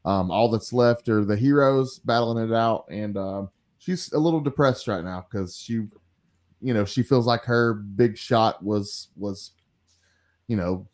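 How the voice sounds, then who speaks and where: Chill guy w/ lower voice summing up comic pages, agreeable. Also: a little slow. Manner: calm, agreeable, summarizing. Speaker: co-host. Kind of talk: casual comic review chat.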